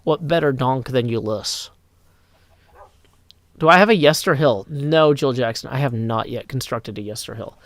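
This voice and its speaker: A man chatting casually on a live stream, reading chat aloud and rambling through answers on a desk mic that clips when loud. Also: mid-range voice, normal speed, dry recording, clean studio sound.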